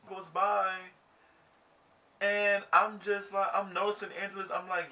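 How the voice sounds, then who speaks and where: A young man telling a breakup storytime while getting ready, animated and slangy, acting out his own reactions. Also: on the high side, normal speed, distant mic, a little hiss or hum. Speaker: vlogger.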